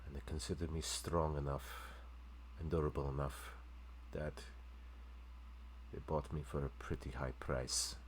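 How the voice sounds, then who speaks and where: A man voicing a guarded male warrior who was sold off for experiments, speaking in quiet, halting recollection during a tabletop game. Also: extremely low pitch, steady tone, slight background noise. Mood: subdued. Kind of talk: in-character tabletop role-play.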